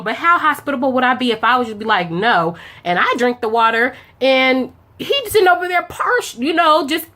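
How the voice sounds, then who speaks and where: A woman's voice: high voice, expressive, normal speed, hardly any pauses, bright, forceful tone. A young woman chatting casually as she tells a story while doing her makeup, acting out both sides of the conversation with slang. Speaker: beauty vlogger telling a story.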